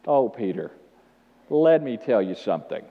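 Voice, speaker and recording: A man voicing a gentle, frank teacher. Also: medium pitch, very animated, moderate pace, voice pushed down. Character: gentle, frank male teacher speaking kindly. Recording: dull sound with long hall reverb.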